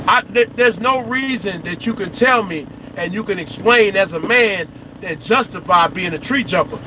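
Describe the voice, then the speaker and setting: High-voiced man ranting outdoors, noisy. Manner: animated, profane, repeats himself for emphasis. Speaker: trucker vlogger. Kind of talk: casual outdoor talk to viewers.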